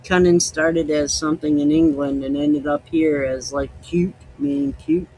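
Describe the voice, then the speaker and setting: A man's voice: a little high, animated, moderate pace, creaky, a little mellow, slightly rough, faint music behind, poor audio. A man hosting a podcast, chatting casually in a loose, rambling way while he tastes liquor. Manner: rambling, loose, easygoing storytelling. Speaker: podcast host.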